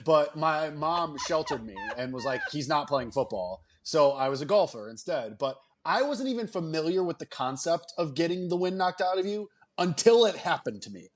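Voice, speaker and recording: A male podcast co-host with a somewhat high-pitched voice. He chats casually and ribs his co-host with quick jokes. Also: lively intonation. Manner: teasing, jokey banter. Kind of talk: casual sports-betting podcast chat.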